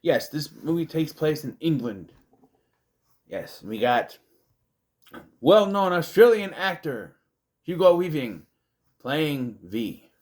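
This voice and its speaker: A man, casually reviewing a movie in a rambling, chatty way, with self-deprecating asides. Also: on the high side. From United States.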